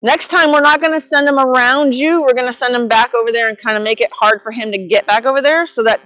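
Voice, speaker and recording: A woman horsemanship instructor coaching a student live, giving steady directions and quick repeated praise. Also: a little high, no echo.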